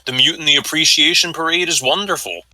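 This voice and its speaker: A young man reading an absurd story aloud to friends on a voice chat call, mostly deadpan. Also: fairly high pitch, quick pace, no room sound, rough recording. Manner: deadpan reading, breaks into laughter.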